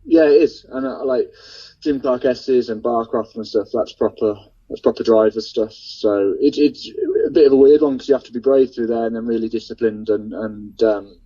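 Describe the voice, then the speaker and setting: A racing driver calling in by mobile phone, explaining car setups in a relaxed way. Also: male voice, mid-range voice, normal speed, husky, dry recording. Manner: relaxed, explanatory, laughs easily. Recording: dull mobile phone line.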